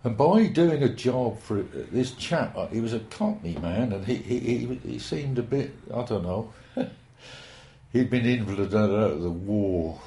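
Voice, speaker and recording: A man's voice: fairly low pitch, animated, measured pace, mellow, slight background noise. Rambling older man. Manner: rambling, hesitant, folksy storytelling. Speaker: interviewee. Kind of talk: oral history reminiscence. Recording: roomy echo.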